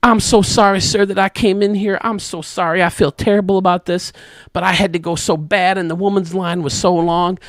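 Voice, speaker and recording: A man voicing a flustered, apologetic older woman who keeps praising the Lord, in high, gushing exclamations while telling a story. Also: steady tone, a little fast, a bit bright, no echo, clean studio sound. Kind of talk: acted quotes within a told story.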